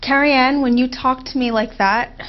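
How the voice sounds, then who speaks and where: A woman as a therapy client, speaking in a heartfelt, halting way with emotional pauses, on a dull lo-fi recording. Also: high voice, fairly even intonation. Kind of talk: emotional therapy role-play.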